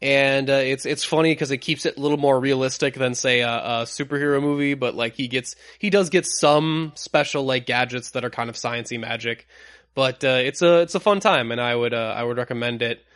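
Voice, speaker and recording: A man co-hosting a casual podcast, rambling through his recommendations with many pauses and fillers. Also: mid-range voice, fairly bright tone, no echo, studio quality. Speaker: podcast co-host. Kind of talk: casual chat.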